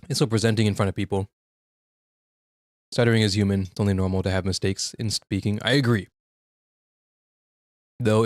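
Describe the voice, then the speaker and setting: A man's voice: on the low side, no room sound. Young guy streaming, just chatting, swears a lot, trips over his words, dead dry sound. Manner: frank, profane, with quick restarts. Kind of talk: casual chat.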